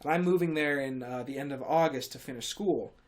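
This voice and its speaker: A man's voice: mid-range voice, fairly quick. Rambling sarcastic young man. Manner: self-deprecating, sarcastic, digressive with many restarts. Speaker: podcast host. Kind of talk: rambling comedic monologue.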